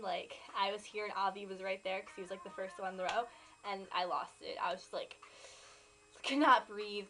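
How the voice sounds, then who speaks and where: Gushing excitable teen girl vlogger. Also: fairly high pitch, rough recording. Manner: excitable, gushing, filler-heavy. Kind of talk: gushing fan vlog.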